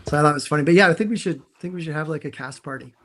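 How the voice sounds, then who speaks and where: A man's voice: on the high side, rapid-fire. A man, co-hosting a casual chat from a dim room at home over a video call, telling stories with lots of restarts. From Canada. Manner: animated storyteller with many restarts. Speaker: co-host.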